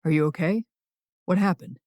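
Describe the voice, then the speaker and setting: A woman narrator voicing a gruff, protective wealthy man, lowering her voice into a firm, low tone. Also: normal speed, dark tone, dry recording, studio quality, natural voice. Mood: worried. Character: gruff protective billionaire man, young adult.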